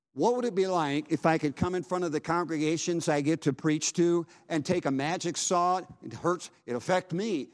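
A middle-aged preacher delivers a revival sermon in a voice pitched a little above the usual for a man. He presses every point with urgency and drives it home through repetition. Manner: fervent, urgent preaching with repeated phrases.

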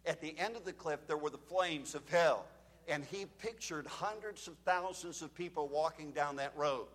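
A man preaching a fire-and-brimstone sermon, telling dramatic stories and shouting out the screams he quotes. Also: fairly high pitch, normal speed, long reverb tail.

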